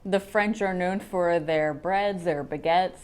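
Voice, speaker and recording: A woman guest chatting casually and warmly about food she loves. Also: lowish voice, slow pace, a crowd in the background. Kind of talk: casual chat.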